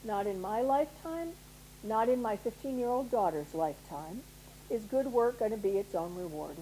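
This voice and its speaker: A woman's voice: mid-range voice, lively intonation, normal speed, dark tone, a little hiss or hum, poor audio. A middle-aged woman giving a motivational talk to an audience, persuasive and often checking in with "right?". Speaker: guest speaker at a women's leadership program.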